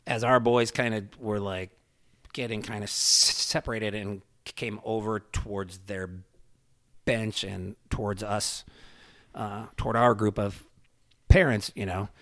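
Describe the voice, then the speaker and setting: Man, lowish voice, casual rambling storyteller with heavy fillers and cursing, dry sound. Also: fairly even intonation, measured pace, a bit bright, dry recording. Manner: rambling, many fillers, swears freely.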